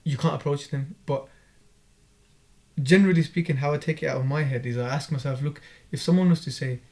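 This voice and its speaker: A man's voice: a little high, fairly quick, a little mellow. A man hosting a podcast in casual chat, reflective and thoughtful. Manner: reflective, answers with short religious interjections.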